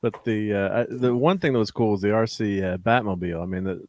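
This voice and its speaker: A man's voice: on the low side, fast, a little mellow, dry recording, clean studio sound. A man hosting a casual video chat with friends, joking and laughing often. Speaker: show host.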